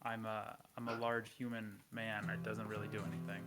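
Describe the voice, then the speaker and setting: A man playing in a tabletop game, chatting in a joking, animated way. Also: on the low side, fairly quick, over loud music. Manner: joking, animated, laughs often. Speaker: player. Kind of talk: casual tabletop game chat.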